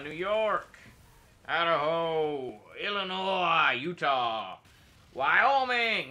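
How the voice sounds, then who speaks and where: Slow, very bright-voiced male streamer. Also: on the high side. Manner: joking, rambling, mock-patriotic bits. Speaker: game streamer. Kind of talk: casual gameplay commentary.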